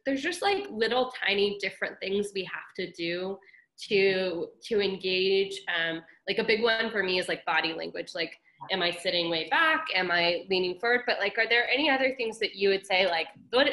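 Bright-voiced woman host chatting casually. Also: medium pitch, normal speed, rough recording. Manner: chatty, filler-heavy with "like", thinks aloud. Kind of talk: casual interview chat over video call. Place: friend's apartment.

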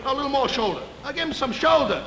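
A man playing a frantic, excitable male studio makeup and publicity man who barks rapid orders in a 1940s live TV sketch. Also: very high-pitched, a crowd in the background. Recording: echoey theater hall, noisy old broadcast.

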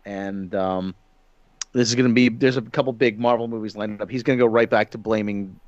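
A man's voice: on the low side, steady tone, a little fast, dry recording, dull audio. A man in a casual panel chat, giving a rambling, opinionated take.

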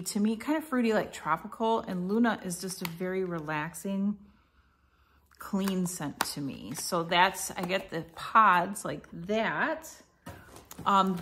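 A woman's voice: mid-range voice, a bit bright. A middle-aged woman talks her way through an unboxing at home in an easy, rambling way. She trails off, fixes her own words and fills gaps with ums as she goes. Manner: chatty, meandering, many fillers and self-corrections. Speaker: vlogger reviewing a subscription box. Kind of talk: casual unboxing chat.

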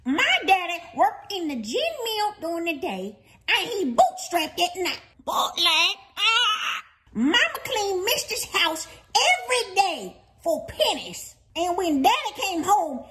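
A very high, sing-song voice swooping wildly as a woman plays a melodramatic old grandmother. She drags her words out slowly, wailing and preaching in a folksy way. A grudge-holding, theatrical old lady from a comedy sketch. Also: big pitch swings, sharp tone, exaggerated voice. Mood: preachy. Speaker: grandmother Sweet Mama.

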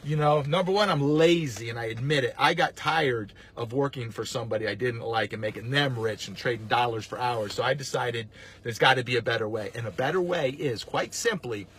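A man, a landlord and coach, rambling in a casual, salesy pitch to camera. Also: a little fast, fairly bright tone, slightly rough. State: out of breath. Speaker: landlord and real estate coach.

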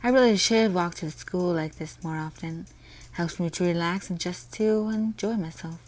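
A woman's voice: fairly low pitch, moderate pace, darkish tone, close to an everyday voice. A woman voicing an awkward, hesitant young male college student in her own voice.

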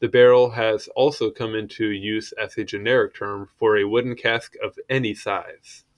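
A man's voice: fairly low pitch, flat delivery, normal speed. A man reading an encyclopedia article aloud in a casual way, stumbling over words and adding offhand asides. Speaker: article reader.

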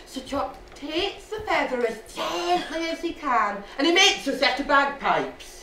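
Scottish woman storyteller, playful live telling; slow, lively pitch, distant roomy hall sound. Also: slight background noise. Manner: playful, with asides and laughter. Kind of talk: live folk tale telling. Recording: echoey hall from far off.

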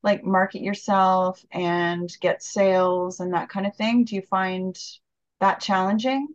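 A woman's voice: medium pitch, fairly even intonation, unhurried. Woman host cheering her guest on, kinda muffled lo-fi sound. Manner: encouraging, supportive questions. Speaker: interviewer host. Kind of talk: casual interview.

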